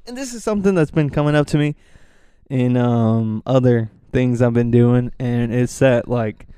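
A man hosting his own podcast, talking loosely and swearing as he goes. His voice is smooth and resonant at a middle pitch. The sound is dry and close to the microphone. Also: normal speed, warm tone, no room sound. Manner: rambling, profane, breaks into rants. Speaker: podcast host. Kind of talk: casual solo podcast talk. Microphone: microphone close to mouth.

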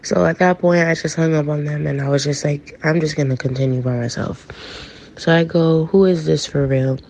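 Gravelly-voiced woman telling a story. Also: low-pitched, fairly even intonation, a little fast, a little mellow, slight background noise. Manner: chatty, acts out quoted texts. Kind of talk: casual personal storytelling. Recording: dull lo-fi recording.

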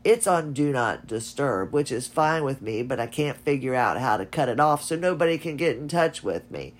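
A woman's voice: very deep voice, animated, normal speed. A woman hosting her own podcast, talking casually with a nasal voice and a chatty, rambling, self-laughing manner. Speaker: podcast host. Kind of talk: casual solo podcast talk.

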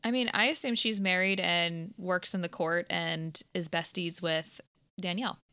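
Young woman, podcast co-host, bright voice, dry sound, relaxed casual talk. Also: on the low side, normal speed, clear, resonant tone, no echo. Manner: laid-back, laughs often. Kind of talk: casual chat.

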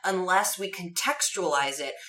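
A woman co-hosting a podcast, summarizing a movie in casual chat with wry, deadpan remarks. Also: on the low side, moderate pace. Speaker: podcast co-host. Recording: roomy, distant from mic.

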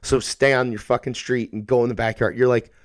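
A man's voice: medium pitch, fairly quick, no echo, studio quality. A man in his thirties in casual podcast chat, rambling and swearing freely, and sometimes acting out what kids would say. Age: 30s. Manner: rambling, animated, swears freely, acts out kids' voices.

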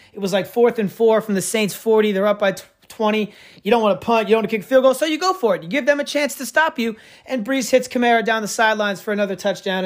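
A man hosting a sports podcast, ranting in a sarcastic, profane, rambling way. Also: high voice. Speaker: podcast host. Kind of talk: casual sports podcast rant.

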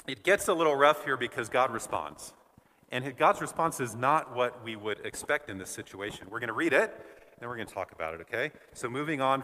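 A man leading a Bible study, reading scripture aloud and explaining it in a conversational, animated way. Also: mid-range voice, big-room sound. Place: church. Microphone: wore a face mask at first.

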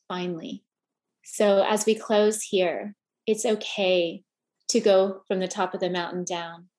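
Heartfelt, halting woman podcast host. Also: fairly low pitch, a little mellow. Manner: heartfelt, repeats words while searching for them. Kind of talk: emotional conversational chat.

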